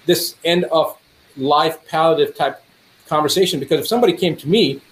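Brief: male doctor guest, slightly high voice, lively storyteller, faint noise behind. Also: a little fast. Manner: animated, acts out dialogue with rising pitch. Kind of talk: storytelling in conversation.

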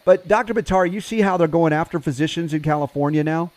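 A man's voice: a little high, fast, a little mellow. A man hosting a talk show, asking questions in a casual, hesitant way full of fillers. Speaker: show host. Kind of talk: casual chat.

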